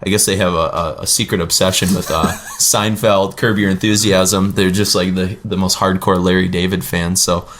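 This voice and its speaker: A man's voice: low-pitched, level tone, normal speed, hardly any pauses, fairly bright tone. A man hosting a casual music talk show, rambling and correcting himself with wry asides. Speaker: podcast host; teacher.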